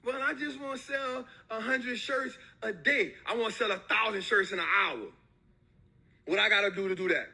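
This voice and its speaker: Bright, husky, high-voiced man preaching ambition. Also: moderate pace. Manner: emphatic, repetitive, slangy street talk. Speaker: motivational speaker. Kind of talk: motivational talk.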